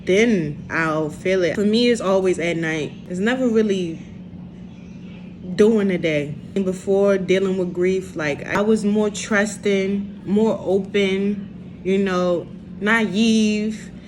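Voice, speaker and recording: A young woman, speaking slowly and haltingly in an emotional confessional vlog. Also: medium pitch, background noise. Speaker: vlogger.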